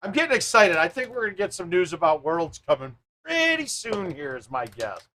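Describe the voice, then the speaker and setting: A man hosting a live stream, chatting casually with viewers and thinking out loud as he plays a golf game. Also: on the high side, sing-song, moderate pace.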